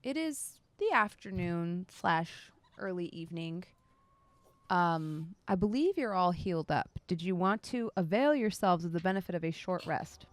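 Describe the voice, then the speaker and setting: A woman, the dungeon master, who laughs a lot in chat and narrates the scene calmly. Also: fairly low pitch, unhurried. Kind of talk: narrating a tabletop game.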